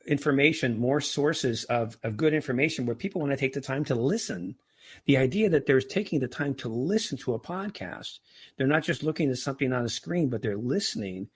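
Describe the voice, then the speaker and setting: Man, podcast guest, husky voice, earnest anecdotal storyteller, conversational. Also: medium pitch. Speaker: podcast guest, entrepreneur and author. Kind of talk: conversational interview.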